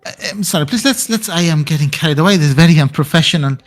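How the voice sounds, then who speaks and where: A man's voice: fairly high pitch, rapid-fire, soft background music, voice pushed up, lightly acted. A man voicing a polite, nervous male club host who speaks formally and apologizes. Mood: flustered.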